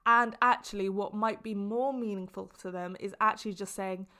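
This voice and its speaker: A young woman hosting a casual solo podcast, an animated storyteller who exaggerates and laughs often. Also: medium pitch, normal speed. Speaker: podcast host.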